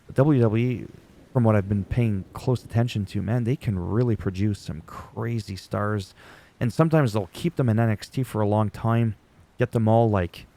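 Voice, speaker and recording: A man's voice: on the low side, mellow. A middle-aged man hosting a casual wrestling recap, rambling and chatty, joking at his own expense. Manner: rambling, chatty, laughs at himself.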